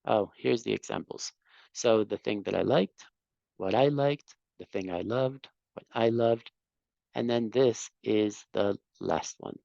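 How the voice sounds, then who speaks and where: Man, English teacher, gravelly voice, patient explaining, dry muffled sound. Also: lowish voice, measured pace, mellow, no echo. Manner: patient, explains and corrects, rises on praise. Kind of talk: classroom teaching.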